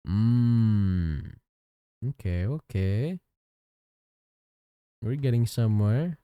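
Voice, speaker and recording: A male livestreamer talks casually to his chat while drawing, thanking viewers as he goes. His pitch moves up and down a lot. His voice is warm and mellow, recorded close and dry. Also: extremely slow, clear, resonant tone, no echo. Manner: chatty, thanks chat, lively ups and downs. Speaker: livestreamer and digital artist.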